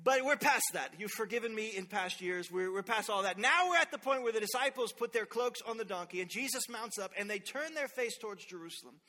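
High, bright-voiced pastor preaching. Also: male voice, a little fast, hardly any pauses. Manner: lively storytelling with humor and call-outs to the congregation. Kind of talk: sermon. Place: large church sanctuary. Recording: long hall reverb from a large sanctuary.

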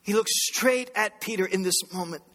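A man preaching a sermon as pastor, impassioned, swinging between loud bursts and hushed lines. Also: sits high, normal speed. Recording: long reverb of a large hall.

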